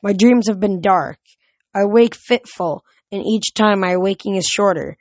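A woman voicing an ancient, fading nature god who speaks slowly and solemnly. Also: mid-range voice, a little mellow, no room sound. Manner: slow, solemn, forlorn.

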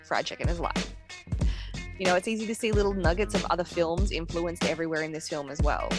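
A woman in her thirties opens her podcast with a scripted, self-mocking monologue, giggling often. Her voice sits a little low. A clear music bed runs beneath her. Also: steady tone, quick pace. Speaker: podcast host.

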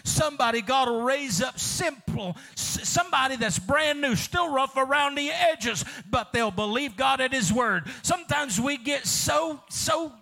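High, bright-voiced preaching pastor man. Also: animated, normal speed, hardly any pauses. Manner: fervent preaching with sudden shouts and soft drops; calls out to congregation. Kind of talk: sermon.

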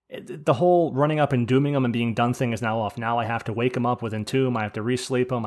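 Man, mid-pitched, loose storytelling, acts out the other players. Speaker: group leader discussing a game. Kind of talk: casual podcast chat.

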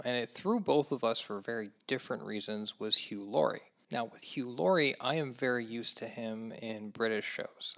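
A man's voice: medium pitch, gravelly, fairly bright tone. An American man co-hosting a casual movie podcast, chatty and enthusiastic. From United States. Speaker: podcast co-host.

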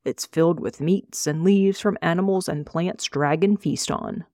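A woman voicing a frail, quiet old man who speaks slowly and calmly in an audiobook reading. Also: lowish voice, no room sound, studio quality, lightly acted.

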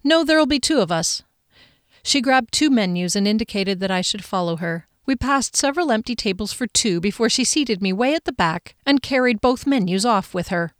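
A woman narrating a first-person audiobook in a measured, expressive way. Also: medium pitch, no room sound, studio quality.

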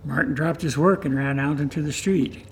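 A man reads a story aloud for a church service in a steady, plain way. His voice sits somewhat high for a man. A faint hiss of noise runs beneath. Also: moderate pace.

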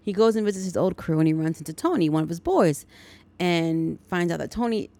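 A woman's voice: fairly low pitch, brisk, warm tone. Chatty woman recapping a movie. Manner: chatty, editorializing. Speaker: podcast host.

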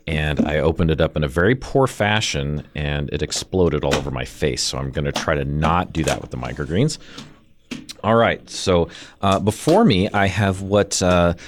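A man's voice: rumbling low, a little hiss or hum. A man hosting a radio show, interviewing a guest in the studio and tasting food on air with chatty enthusiasm. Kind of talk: casual interview. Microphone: studio microphone.

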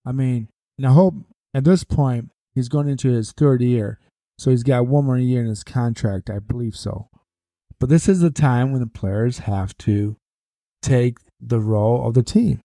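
Male podcast host with a dark, mellow voice and a dry close mic, rambling sports talk and a bit out of breath. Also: medium pitch, moderate pace, dry recording. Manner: rambling, repeats phrases for emphasis. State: short of breath. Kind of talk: casual sports commentary monologue.

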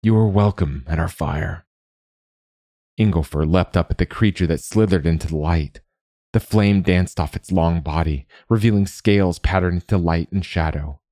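Deep-voiced male storybook narrator. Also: moderate pace, dark tone, dry recording, studio quality.

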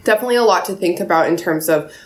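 A woman who works as a book editor, talking thoughtfully and in a measured way in a casual podcast chat. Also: lowish voice. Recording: roomy echo.

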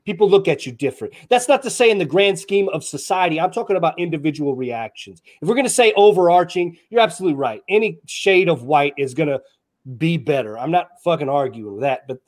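A man's voice: on the high side, fast. A man co-hosting a podcast, arguing his point in a profane, casual debate. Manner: profane, argumentative, animated. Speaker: podcast co-host.

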